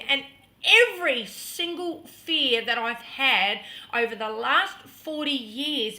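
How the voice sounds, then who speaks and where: A middle-aged woman tells a personal story straight to her vlog audience, unhurried and earnest. Her voice is bright and sits a little high. She leans into the drama, sometimes dropping to a hush. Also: expressive. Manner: earnest, dramatic storytelling that drops to hushed tones. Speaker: vlogger.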